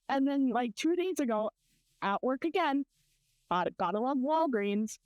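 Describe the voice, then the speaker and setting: A woman's voice: sits high, lively intonation, moderate pace, no room sound, lo-fi sound. A young American woman co-hosting a casual chat, telling rambling, profane stories full of quoted voices. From United States. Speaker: podcast co-host.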